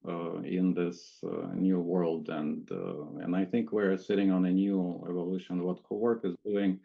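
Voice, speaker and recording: A man with a Russian accent talks haltingly with frequent pauses. His voice is deep and gravelly, and it comes through a muffled, lo-fi video call. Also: level tone. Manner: hesitant, many filler pauses. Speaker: roundtable participant, marketer. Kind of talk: casual video call discussion.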